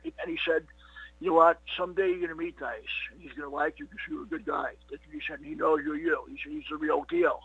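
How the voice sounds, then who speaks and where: Middle aged comedy guy rambling, pitched a bit high, bright sharp voice. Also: steady tone, fast, husky. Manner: rambling, fills with "you know what" and "he goes". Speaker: comedian guest. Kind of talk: casual interview storytelling. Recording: dull lo-fi dry recording.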